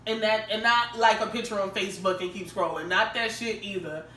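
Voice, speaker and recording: Bright, blunt podcast co-host. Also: mid-range voice, fairly even intonation, a little fast, slight background noise. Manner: blunt, emphatic, repeats points for effect. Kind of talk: casual chat. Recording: roomy, distant mic.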